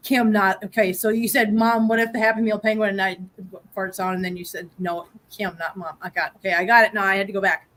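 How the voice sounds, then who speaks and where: A woman's voice: medium pitch, little pitch movement, a little fast, few pauses, a bit bright. A woman hosting a casual live-stream chat from home, laughing often and cooing at her cats. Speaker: host.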